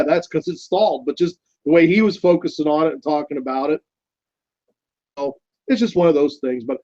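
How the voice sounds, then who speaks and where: A man joins a live-stream chat, talking casually and asking friendly questions. His voice is a little high for a man. The audio sounds muffled and dull. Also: mellow, dry recording.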